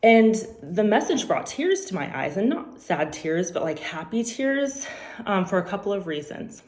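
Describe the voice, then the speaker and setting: A woman in her forties, a teacher giving an earnest, halting church devotional with frequent ums. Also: mid-range voice, big pitch swings, a little mellow, echoey room. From California. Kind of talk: personal devotional talk.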